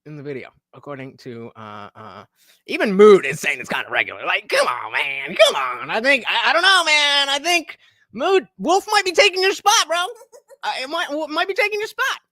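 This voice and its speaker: Guy streaming hype voice, shouts and curses then mumbles, bouncy and bright. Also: extremely high pitch, sing-song, moderate pace, no echo, clean studio sound. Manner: hyped, shouty, profane, swings to mumbling asides. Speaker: live streamer. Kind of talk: casual live-stream chat.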